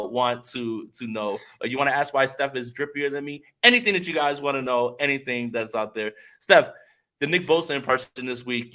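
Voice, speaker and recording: A man's voice: medium pitch, bright, forceful tone. A man co-hosting a casual live-stream sports podcast, upbeat and talking straight to the viewers. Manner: upbeat, keeps addressing viewers directly. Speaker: podcast co-host.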